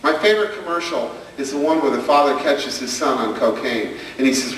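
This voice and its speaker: A man's voice: medium pitch, fairly quick, a bit bright, a little hiss or hum. A man doing a stand-up comedy routine, telling stories and acting out his daughter's questions, recorded from afar on a camcorder. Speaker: stand-up comedian and parenting speaker. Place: hall with an audience. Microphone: far camcorder. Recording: echoey, distant camcorder recording of a hall.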